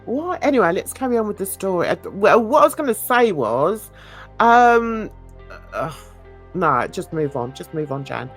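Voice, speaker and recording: A woman's voice: on the low side, big pitch swings, normal speed, soft background music. A woman with a London accent gives chatty, giggly casual commentary while reading news aloud to her viewers. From London, England. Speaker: YouTube channel host.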